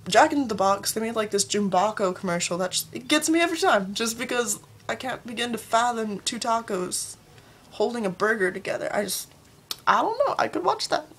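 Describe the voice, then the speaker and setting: A young woman vlogger ranting casually to camera about her pet peeves, chatty, with sudden jumps up in pitch. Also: animated, a little fast, a bit bright, slight background noise.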